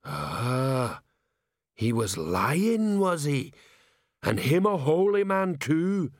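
A hulking troll watchman, slow and literal-minded, who speaks in blunt, ungrammatical lines, as a man reads him aloud. The voice sits noticeably higher than the reader's own and is recorded dry and close for a storybook. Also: big pitch swings, dry recording, full character voice. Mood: earnest. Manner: slow, rumbling, ungrammatical speech.

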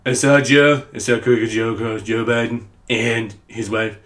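An Irish man doing a rough impression of a boastful male politician, drawing each clause out slowly and repeating himself. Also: medium pitch, steady tone, a bit bright, lightly acted. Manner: slow, repetitive boastful storytelling.

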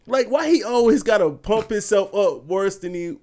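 High-voiced, laughing man bantering. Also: animated, normal speed, a little mellow. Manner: joking, laughs often, riffs with slang. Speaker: podcast co-host. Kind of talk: casual banter.

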